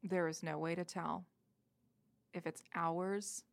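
Calm, low-voiced woman game master. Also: slow, vocal fry. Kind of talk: narrating a tabletop game.

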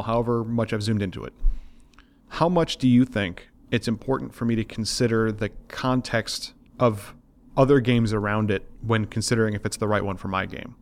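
A man co-hosting a game design podcast, posing a question in a measured, thoughtful way and listing terms as he searches for the right word. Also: fairly low pitch. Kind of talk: casual design discussion.

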